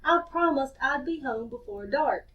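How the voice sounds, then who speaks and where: A small young hare, a boy who is eager to play but timid about danger, as a woman reads him aloud. His voice sits high. The sound is dull and taken from a distance. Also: lively intonation, moderate pace.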